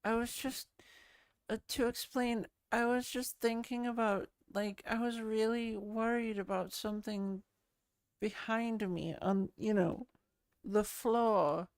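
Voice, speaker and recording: Very slow, giggly streamer woman. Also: a little high, steady tone, no echo. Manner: giggly, rambling, laughs at herself. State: sleepy. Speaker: VRChat streamer. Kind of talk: casual livestream chat.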